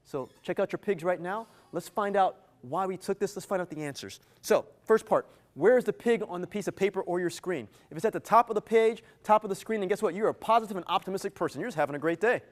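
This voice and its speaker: High-voiced energetic male keynote speaker. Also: fast, hardly any pauses. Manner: energetic, playful, teasing the audience. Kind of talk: interactive live keynote. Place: event venue with a live audience.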